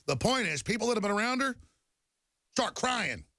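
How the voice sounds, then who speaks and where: A man's voice: high voice, big pitch swings, normal speed, vocal fry, sharp tone, dry recording. A middle-aged man hosting a talk show, delivering a heated, repetitive monologue to viewers while reading headlines.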